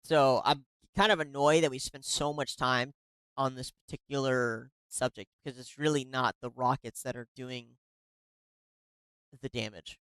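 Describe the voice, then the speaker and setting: A woman's voice: extremely low pitch, fairly even intonation, normal speed, a bit bright, smooth, dry recording, low-quality recording. A woman giving casual reaction commentary on a clip, exasperated and swearing often. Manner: exasperated, swears a lot, says "bro".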